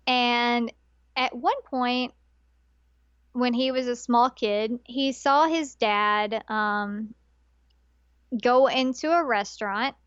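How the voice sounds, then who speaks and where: A woman co-hosting a casual podcast, telling a story in an animated way and often quoting characters. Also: fairly high pitch, takes it slowly, pauses often, clean tone, no room sound, lo-fi sound. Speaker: podcast co-host.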